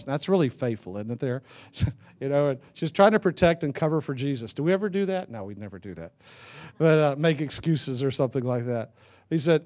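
Middle-aged man preaching, conversational and anecdotal, a touch higher-pitched. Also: animated, moderate pace, a little mellow. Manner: conversational storytelling with chuckles and restarts. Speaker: pastor. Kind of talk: sermon.

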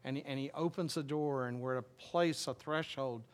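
A male pastor preaching a sermon in a conversational way, reading scripture slowly and explaining it with frequent restarts. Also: mid-range voice. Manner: reads scripture aloud slowly, then explains it plainly.

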